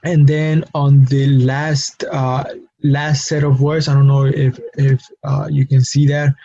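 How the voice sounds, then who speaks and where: A man teaching a language lesson, explaining pronunciation rules slowly with many fillers and repeating each example word. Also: medium pitch, little pitch movement, mellow. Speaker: Spanish teacher. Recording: dull lo-fi recording.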